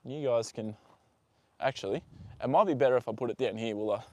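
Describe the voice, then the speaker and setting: Speaking a little fast in a dark, medium-pitched voice, this man hosts a laid-back live stream outdoors with a horse. He rambles and fills pauses freely while reading viewer comments, and the phone-on-tripod recording is dry.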